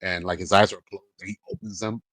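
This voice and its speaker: Low-voiced man rambling through his turn. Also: steady tone, quick pace, fairly bright tone, dry recording, rough recording. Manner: rambling, full of ums and likes. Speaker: player. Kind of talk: describing his character's actions in a tabletop game.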